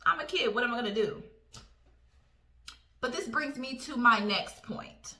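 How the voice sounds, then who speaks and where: A woman in her twenties telling a personal story in a casual vlog, animated and profane. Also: fairly high pitch, unhurried. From Indiana. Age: 20s. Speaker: storytime vlogger. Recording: roomy echo.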